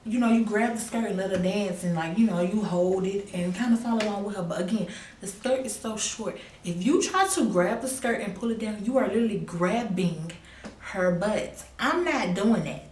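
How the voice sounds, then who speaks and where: Woman, sassy animated storyteller, roomy echo, a little off-mic. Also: medium pitch, moderate pace, far from the mic. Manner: animated, sassy, swinging between loud exclaims and hushed asides. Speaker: vlogger telling a story. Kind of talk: casual storytime. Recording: echoey room, a bit off-mic, faint hum.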